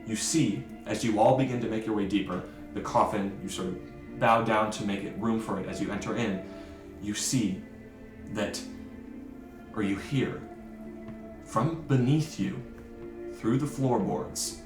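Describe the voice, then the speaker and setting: A man's voice: fairly low pitch, unhurried, reverberant, music in the background. A man narrating as game master of a tabletop game, describing scenes and often correcting himself mid-sentence. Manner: descriptive, with frequent self-corrections.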